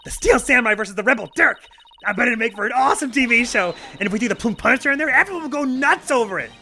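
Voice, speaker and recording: A man's voice: extremely high pitch, animated, racing, bright, forceful tone, faint music behind, pitched above the performer's own voice, heavily acted. A man voicing a cheerful, friendly young woman spirit medium in a game let's play, with a peppy, bouncy delivery. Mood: excited.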